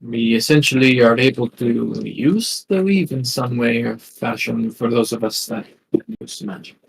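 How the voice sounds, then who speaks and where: A woman playing a tabletop game, explaining things slowly with pauses. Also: a bass voice, lively intonation, vocal fry, poor audio. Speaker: player.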